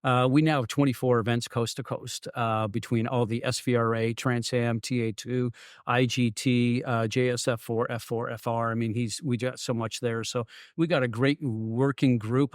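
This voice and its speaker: A middle-aged man, a former racing driver, chatting casually as a guest and telling lively anecdotes. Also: mid-range voice, clear, resonant tone, no echo, clean studio sound. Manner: animated storyteller, acts out the people in his stories, laughs often. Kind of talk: casual storytelling chat.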